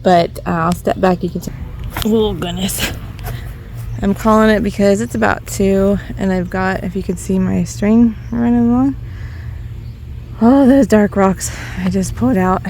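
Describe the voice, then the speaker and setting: A chatty woman from Ohio narrates her backyard stone work into a handheld camera, a little out of breath. Her voice is mellow and darkish. A faint outdoor hum sits behind her. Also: medium pitch, moderate pace. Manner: chatty, self-deprecating, laughs often. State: out of breath from heavy yard work. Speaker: DIY garden vlogger. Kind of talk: casual vlog narration while working outdoors.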